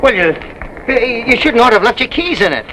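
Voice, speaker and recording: A fast-talking used-car dealer in a 1930s screen comedy who pushes his deals with slangy, wheedling patter. His voice is high for a man and very lively in pitch. Faint hiss lies under it. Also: heavily acted, poor audio. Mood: defensive. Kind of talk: 1930s film comedy acting.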